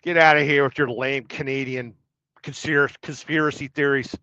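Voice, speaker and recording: Hosting a laid-back trucker livestream, a middle-aged man rambles wryly as he reads out viewer comments. He speaks at a moderate pace with medium pitch and fairly even intonation, his voice pushed and bright. The stream is audio only in podcast style, dull, lo-fi, and dry, with a little hiss or hum.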